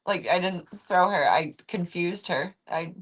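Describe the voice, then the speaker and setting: A young woman streaming from home, chatting casually and baby-talking her cat, often dropping to a soft, hushed voice. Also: on the low side, a little slow, husky. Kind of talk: casual livestream chat.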